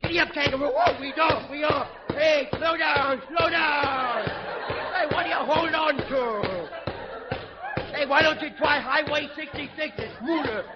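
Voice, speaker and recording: A man's voice: very high-pitched, slow pace, raised voice, loud music behind the voice, over a noisy crowd. A man playing a mischievous little boy with childish grammar, in 1940s radio comedy acting. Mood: excited. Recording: muffled old radio broadcast, hiss, audience laughter.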